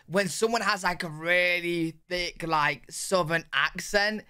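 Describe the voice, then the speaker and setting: A curious British man chats through a reaction video, throwing in questions. His voice is high and smooth. The sound is dry and close. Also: slow, sharp tone, no echo. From Britain. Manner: curious, chatty, asks lots of questions. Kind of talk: casual reaction chat.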